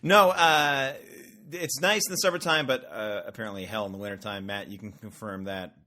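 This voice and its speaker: A man's voice: on the low side, moderate pace, pushed and bright. A man co-hosting a podcast in casual chat, joking and rambling. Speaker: podcast co-host. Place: Vancouver.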